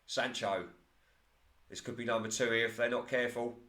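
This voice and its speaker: A man talks through a football management game in casual play-by-play, rising quickly at chances and laughing at his own slips. His voice sits in the middle range. The room gives his voice a noticeable echo. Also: medium pitch, steady tone, bright, forceful tone. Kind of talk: casual solo game commentary.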